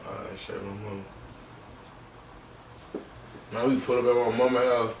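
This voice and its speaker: A young man in a podcast interview, telling a personal story in a halting, slangy, subdued way. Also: mid-range voice, steady tone, gravelly, far from the mic. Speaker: podcast guest. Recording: roomy, off-mic, faint background noise.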